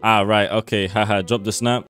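A man's voice: fairly low pitch, level tone, normal speed, clear, resonant tone, soft background music. A young man, streaming and reacting to chat messages in slangy, swearing, mocking talk. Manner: slangy, swearing, mocking, bursts into loud laughter.

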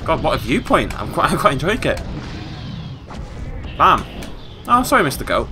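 Man, English accent, let's-play commentary, excitable, jokey, lively pitch, slightly high voice, game music behind. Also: normal speed. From Britain. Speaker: gaming YouTuber.

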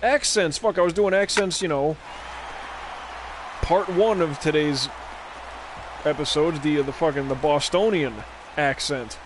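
At home on a desk microphone, a man rambles through a live game stream in a slightly raised voice, swearing freely and drifting from play calls into stray anecdotes and tangents. His voice is on the high side, at a measured pace with long pauses, and a faint hiss sits underneath.

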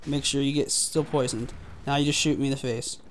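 A man's voice: mid-range voice, steady tone, fairly quick, a little hiss or hum. A man giving frustrated, profane trash-talking commentary while playing a game. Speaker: gaming video host. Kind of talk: gameplay commentary.

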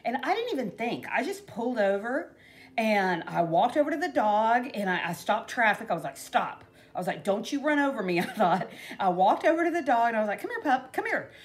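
A woman's voice: on the high side, big pitch swings, fairly quick. A middle-aged woman, chatting casually and rambling through a craft tutorial. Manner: chatty, rambling, with frequent "you know" and laughs. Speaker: craft vlogger. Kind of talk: casual DIY tutorial chat.

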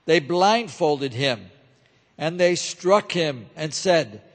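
A man narrating a scripture reading in a steady, solemn way, in a large church. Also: a little high, takes it slowly. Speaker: reader. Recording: echoey church hall.

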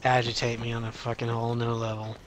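A man's voice: medium pitch, fast, slight background noise. A man swearing and taunting his friend while they play an online shooter together, and chatting casually between rounds. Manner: profane, taunting, excitable during fights. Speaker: gamer streaming with a friend. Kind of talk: casual gaming chat.

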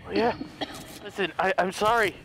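A man doing let's play commentary, excitable, talking to his viewers, yelping and swearing as he plays. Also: sits high, moderate pace, a crowd in the background. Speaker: gaming youtuber.

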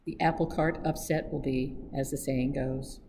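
A reader puts on a pompous older foreign baron from a storybook, speaking in stiff, formal sentences with twisted word order. The voice is mellow and fairly dark. There is a faint hiss behind it. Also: medium pitch, steady tone, moderate pace, close to an everyday voice. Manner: stilted formal speech with scrambled word order. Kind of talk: read-aloud audiobook acting.

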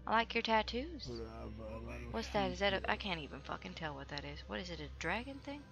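A young woman giving casual gameplay commentary, chatty and excitable, with loud outbursts and some swearing. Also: medium pitch, fairly quick, music in the background. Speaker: let's play gamer.

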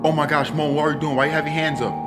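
A young man doing a comedy skit for his channel, loud and dramatic, swinging between pleading and yelling. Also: on the high side, level tone, racing, music in the background. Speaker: comedy vlogger.

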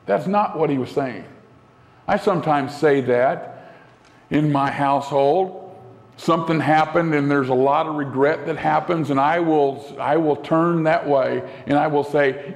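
A male pastor delivering a sermon in an earnest way, slowing down and dropping to a soft voice for emphasis. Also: fairly high pitch. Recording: long hall reverb.

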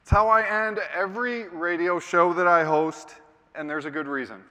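A middle-aged radio host tells a personal story from a stage, quiet and heavy at moments. His voice is fairly high and bright, with a long reverb from a large hall. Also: steady tone, moderate pace.

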